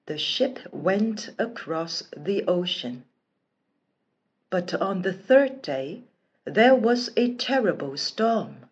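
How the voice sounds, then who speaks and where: A woman narrating a children's storybook in a slow, expressive, careful reading voice. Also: mid-range voice, breathy edge, highs cut off.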